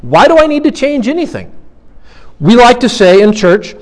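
A man preaching a sermon, an earnest pastor who keeps asking questions out loud to his congregation. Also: high-pitched, sing-song, normal speed. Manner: earnest, asks many rhetorical questions.

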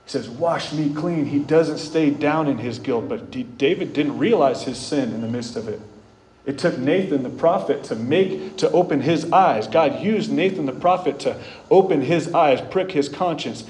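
A man preaching a sermon, retelling scripture stories in an earnest way, rising loud and bold, then dropping soft and slow. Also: a little high, a little hiss or hum. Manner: earnest storytelling, swings between loud bold stretches and soft slow ones. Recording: echoey room with faint ambience.

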